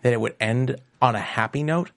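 Host, man, New York accent, gravelly voice, steers the panel chat. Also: mid-range voice, moderate pace. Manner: steers the discussion, playful.

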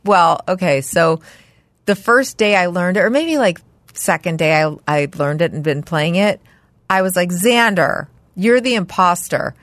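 A woman's voice: on the low side, moderate pace, dry recording. A woman in her fifties co-hosting a podcast, chatting casually and acting out family dialogue as she tells stories. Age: 50s. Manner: animated storyteller, acts out family dialogue. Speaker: podcast co-host. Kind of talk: casual chat.

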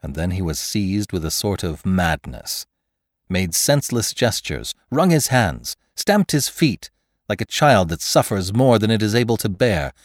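A man narrating a classic adventure story in an expressive, dramatic audiobook style. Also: on the low side, a little slow, no room sound, clean studio sound.

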